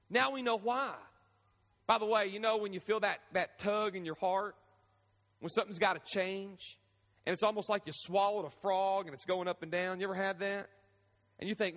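Animated high-voiced preacher in an echoing hall. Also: male voice, moderate pace. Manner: animated storytelling, acts out voices of the characters. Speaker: pastor. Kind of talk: sermon. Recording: echoey hall with long reverb.

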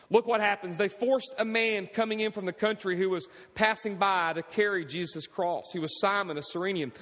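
A high-voiced male pastor preaches a sermon, repeating his points and firing rhetorical questions at the congregation. His voice carries a long reverb that points to a church sanctuary. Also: fairly bright tone.

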